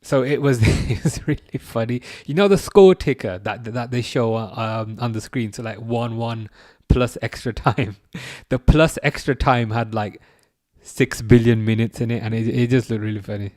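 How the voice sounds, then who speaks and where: A young man hosts a live football watchalong, chatting casually and reading viewers' messages aloud. He erupts at near misses, then settles back into relaxed chatter. The sound is close and dry, with no room echo. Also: mid-range voice, normal speed. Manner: excitable outbursts at chances, chatty asides. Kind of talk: live match reaction and chat reading.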